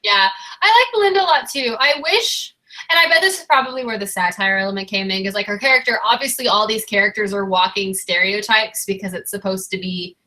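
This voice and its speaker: Bright-voiced animated young woman co-host. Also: medium pitch, brisk. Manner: lively, chatty, acts out characters' lines. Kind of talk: casual live book discussion.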